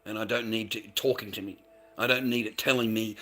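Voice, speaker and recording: Aussie bloke ranting about a party, swears constantly, bright sharp voice, says mate every other line. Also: male voice, lowish voice, steady tone, brisk. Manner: profane, blokey, repeats "mate" and "bro". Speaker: storyteller. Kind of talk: casual crude storytelling.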